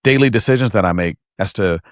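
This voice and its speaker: A man hosting a podcast interview in a relaxed conversational way, often affirming his guest. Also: lowish voice, fast, dry recording, studio quality. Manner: affirming, conversational, frequent "mm" and "yeah". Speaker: podcast host. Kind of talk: casual interview chat.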